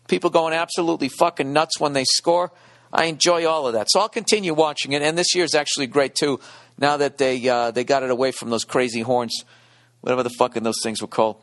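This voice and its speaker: A man hosting a solo podcast from a hotel room, rambling and swearing with sarcastic asides that swing from mumbled to excited. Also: on the high side, no room sound, clean studio sound. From United States. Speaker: podcast host.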